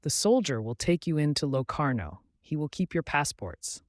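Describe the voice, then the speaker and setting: A man's voice: on the high side, big pitch swings, moderate pace, dry recording, clean studio sound. Man reading as a stiff, formal border lieutenant. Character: haughty thin male border lieutenant.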